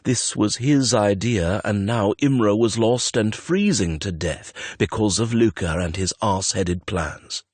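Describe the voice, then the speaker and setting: A man's voice: fairly low pitch, a little slow, hardly any pauses, darkish tone, slightly rough, no echo. A man reading a romance audiobook in a tense, dramatic narration on a close studio mic. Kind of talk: scripted narration.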